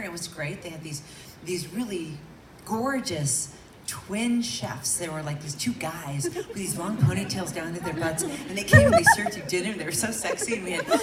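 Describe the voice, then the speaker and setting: Woman host, lively swooping voice, gushing storyteller, heard from a distance. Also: on the low side. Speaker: radio host. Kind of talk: casual interview chat. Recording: roomy, distant mic, loud crowd and noise.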